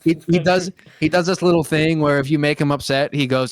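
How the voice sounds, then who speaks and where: A man's voice: fairly high pitch, steady tone, fast talker, hardly any pauses, dry recording, clean studio sound. A young man hosting a podcast, talking in a rambling, casual way with lots of swearing and fillers. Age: young adult. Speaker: podcast host. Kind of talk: casual chat.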